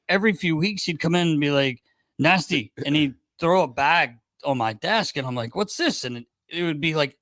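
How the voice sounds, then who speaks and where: A man's voice: fairly high pitch, no room sound. A man who works as a team equipment manager, casually telling stories with laughs and swearing. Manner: animated, laughs and swears while telling anecdotes. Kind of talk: casual storytelling chat.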